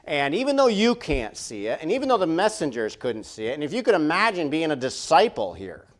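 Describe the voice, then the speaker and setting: Pastor preaching a conversational sermon. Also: male voice, a little high, big pitch swings, brisk. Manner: conversational preaching, repeating phrases, many rhetorical questions. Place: church sanctuary.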